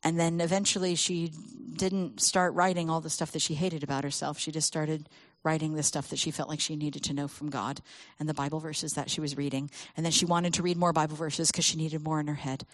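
A woman's voice: sits low, brisk, hardly any pauses, no room sound. Woman telling stories to a church crowd. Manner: animated storytelling with acted quotes. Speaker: speaker on children's ministry. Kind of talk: talk to a church audience.

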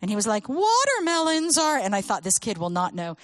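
A woman speaking to a church audience about children and faith, telling stories with lively acted quotes. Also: medium pitch, quick pace, dry recording. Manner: animated storytelling with acted quotes.

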